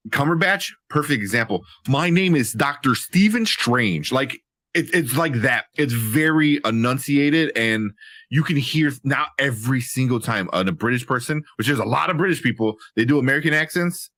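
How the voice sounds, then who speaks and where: A man co-hosting a casual live movie review show, joking with lively opinions. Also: medium pitch, normal speed, no room sound, studio quality. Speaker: podcast co-host.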